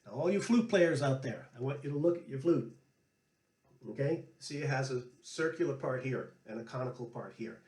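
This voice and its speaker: A man hosting, a flute player telling a relaxed story and giving music tips. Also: medium pitch, moderate pace. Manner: chatty, anecdotal, relaxed. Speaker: flute player and show host. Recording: echoey room.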